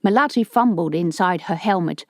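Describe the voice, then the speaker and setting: A woman's voice: lowish voice, normal speed, a little mellow, no room sound. Woman narrating an audiobook, dry sound. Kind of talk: scripted narration.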